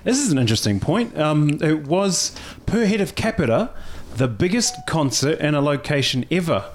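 A man's voice: on the high side, very animated, a little hiss or hum. A man in his forties with a New Zealand accent, co-hosting a casual chat show and joking easily with the others. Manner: chatty, quick to joke. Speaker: co-host.

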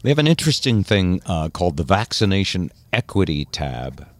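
Deep voiced guy hosting a chat show, talks with lots of fillers, animated. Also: a little fast, no room sound. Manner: chatty, steers topics, thinks aloud with fillers. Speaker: host. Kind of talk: casual radio talk show.

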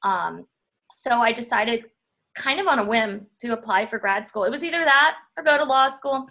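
A woman, a historian talking through her path in a relaxed interview, pausing and restarting as she thinks. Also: on the high side. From Louisiana. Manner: thoughtful, frequent restarts and fillers. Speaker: historian guest. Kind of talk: casual interview talk.

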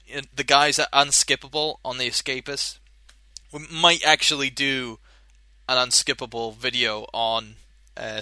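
A young man hosting a casual solo podcast, rambling and animated, swearing casually and laughing at his own jokes. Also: mid-range voice, no room sound. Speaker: podcast host.

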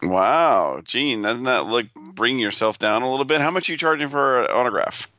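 A man's voice: medium pitch, expressive, moderate pace, pushed and bright, dry recording, lo-fi sound. A man co-hosting a casual podcast, giving dry, teasing short replies. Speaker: podcast co-host. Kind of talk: casual chat.

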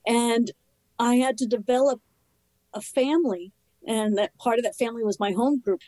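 A woman telling her personal recovery story in conversation, candid and earnest, in short halting phrases. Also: a little high, steady tone, dark tone, no echo, rough recording. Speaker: interview guest.

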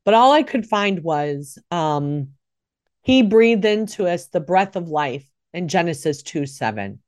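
A woman's voice: lowish voice, big pitch swings, a little slow, darkish tone, no echo, clean studio sound. A middle-aged woman hosting a podcast, telling a personal faith story in a rambling, emotional way with many self-corrections. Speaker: podcast host, nurse.

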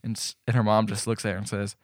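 A man's voice: fairly low pitch, completely flat delivery, quick pace, no room sound, studio quality. A young man co-hosting a podcast, casually retelling a film's scenes and acting out lines with lots of fillers. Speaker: podcast co-host. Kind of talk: casual movie recap chat.

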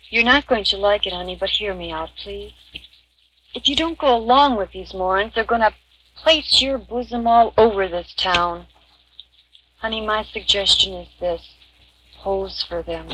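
A woman's voice: mid-range voice, unhurried, a bit bright, a little hiss or hum, natural voice, poor audio. An actress playing a worldly woman who consoles a girl in a blunt way, in a 1960s film.

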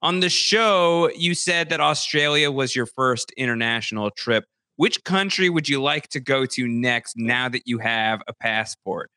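A man's voice: mid-range voice, measured pace, hardly any pauses, pushed and bright, smooth, no echo. A man hosting a casual live-stream interview over a video call, upbeat and reading out viewer questions. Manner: upbeat, narrates for audio listeners.

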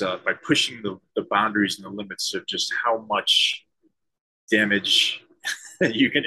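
Ex-military guy on an interview, husky and bright, stops and restarts a lot. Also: fairly low pitch, low-quality recording. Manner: thoughtful, halting with many restarts and fillers. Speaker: interview guest, former Navy SEAL, leadership consultant. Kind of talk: conversational interview.

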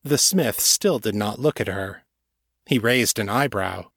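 A man narrating fiction in a measured, unhurried reading. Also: lowish voice, animated, fairly bright tone, no room sound, clean studio sound.

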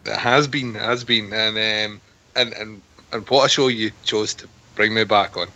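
A man's voice: fairly low pitch, steady tone, normal speed, bright, forceful tone, poor audio. A man guesting on a podcast, chatty and self-deprecating in casual talk. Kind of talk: casual chat.

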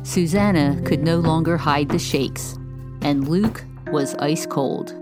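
A woman narrating a true story in a scripted, measured way as the show's host. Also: low-pitched, loud music behind the voice.

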